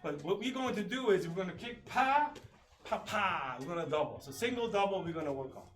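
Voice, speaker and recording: A man teaching a live online taekwondo class, calling kick counts and drills with sharp shouts. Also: high voice, expressive, fast, distant mic, faint music behind. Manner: coaching commands, loud kiai shouts. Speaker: taekwondo instructor. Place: training studio.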